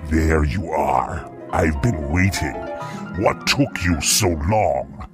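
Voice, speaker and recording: Brief: man voicing a lizard alien crime boss, very low, slow and threatening, music behind. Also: lively intonation, heavily acted. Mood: impatient, menacing. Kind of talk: fan fiction read aloud.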